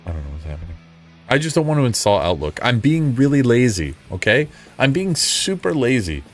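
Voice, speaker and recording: A man's voice: medium pitch, very animated, brisk, soft background music. A man streaming casually, rambling and frustrated, mocking himself as he chats with viewers. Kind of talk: casual live-stream chat.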